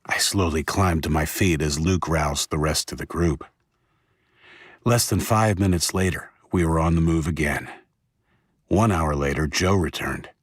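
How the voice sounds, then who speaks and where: A man narrating a first-person audiobook in a plain, steady storytelling voice. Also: extremely low pitch, unhurried, husky, no echo, studio quality.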